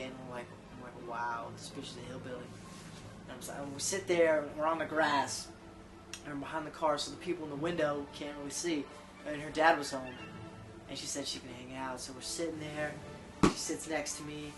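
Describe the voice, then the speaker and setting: A man spins a rambling, self-deprecating comic story, swearing freely as he goes. His voice sits at an ordinary middle pitch. Music plays behind him.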